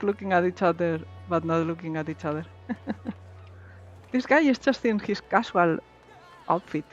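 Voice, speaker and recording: A woman live-streaming a game, chatting casually with viewers in an excitable, giggly way. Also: lowish voice, slightly rough.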